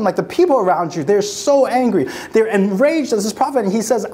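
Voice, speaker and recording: A preacher delivering a sermon, retelling scripture dramatically, dropping to a hush and then rising, and repeating phrases for emphasis. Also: mid-range voice, expressive, a little fast, few pauses. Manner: dramatic, swings from hushed to raised voice.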